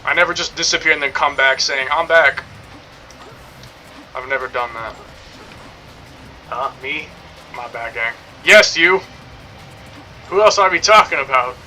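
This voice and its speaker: A man's voice: mid-range voice, normal speed, long pauses, bright, forceful tone, soft background music, rough recording. A young man streaming a game, rambling and joking in casual commentary, swearing now and then.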